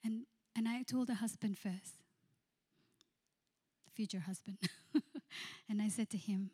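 A woman pastor giving a sermon. She reads scripture, then tells a counseling story with frequent laughter and quiet, hushed quotes of her own words. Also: mid-range voice, takes it slowly, pauses often, slightly rough.

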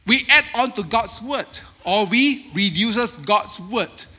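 A high, bright male voice preaching with an Asian accent, animated and emphatic. He acts out the voices he quotes with sharp bursts of emphasis. The sound rings through a large hall with long reverb. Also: slow pace, husky. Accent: Asian-accented English. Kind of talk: sermon.

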